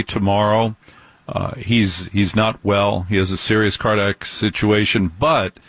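Low-voiced earnest male interview host. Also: a bit bright, breathy edge, dry recording, poor audio. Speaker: podcast host. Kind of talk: casual interview chat.

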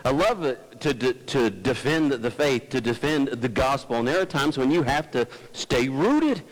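A man with an ordinary mid-range voice preaches a sermon. He is earnest and folksy, swinging from emphatic, rising peaks to quiet, homely anecdotes. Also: mid-range voice, lively intonation, moderate pace, rough recording. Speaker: pastor.

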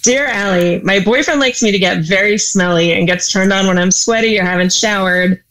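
A woman's voice: mid-range voice, normal speed, fairly bright tone, rough recording. Woman with a wry, joking delivery. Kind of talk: reading a letter in a casual chat.

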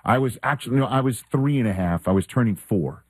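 A man in his fifties hosting a sports talk radio show, chatting and reflecting with quick asides. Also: medium pitch, expressive, breathy edge, no echo. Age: 50s.

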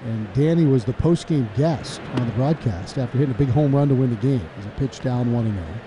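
A man calling a baseball game play-by-play, chatty and laughing between pitches. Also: fairly quick, noisy background. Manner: chatty, laughs between calls, gets loud and excited on big plays. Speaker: play-by-play announcer.

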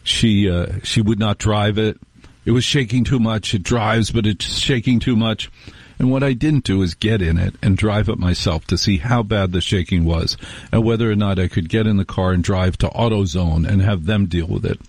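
A man's voice: fairly low pitch, moderate pace, a little mellow, dry recording. A middle-aged man hosting a talk radio show, telling rambling, wry stories with restarts in a casual monologue.

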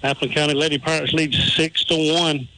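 A male radio announcer calling a softball game play by play, with brisk, matter-of-fact calls. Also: on the high side, fairly even intonation, a little hiss or hum, poor audio.

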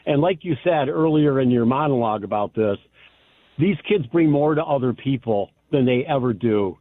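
A man's voice: medium pitch, expressive, moderate pace, dry recording. Man caller, heartfelt, tinny phone line, dry. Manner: warm, heartfelt. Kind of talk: call-in radio talk.

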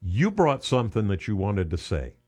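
A man's voice: on the low side, big pitch swings, moderate pace, darkish tone. A man hosting a charity radiothon on the radio, talking earnestly and often restarting with repeated words. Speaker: radio host.

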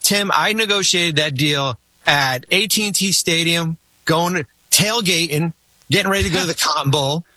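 A man spins a long anecdote in casual podcast chat, circling back and restarting his sentences as he goes. His voice is bright and forward, with a close, dry sound and no room around it. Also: fairly high pitch, normal speed, dry recording. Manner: rambling, animated, many fillers and restarts. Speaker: former team executive telling stories.

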